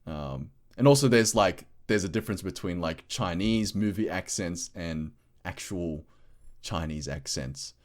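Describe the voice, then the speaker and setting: Casual rambling podcast co-host, low man's voice. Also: lively intonation, unhurried. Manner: rambling, full of "like" fillers.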